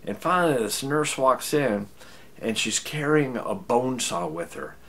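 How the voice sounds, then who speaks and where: A man's voice: medium pitch, animated, unhurried, fairly bright tone. An American man telling a personal story in a wry, self-deprecating, casual way. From United States.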